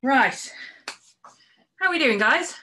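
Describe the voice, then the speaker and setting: Lively high-voiced woman chatting on stream. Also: takes it slowly, slight background noise, rough recording. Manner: talks to her pets in a high baby voice. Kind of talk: casual livestream chat.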